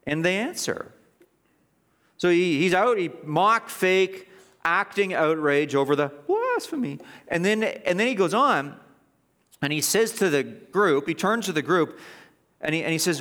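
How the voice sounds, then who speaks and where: A man preaching an expository sermon, animated and mocking, with frequent restarts and sarcastic asides. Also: fairly high pitch, long reverb tail.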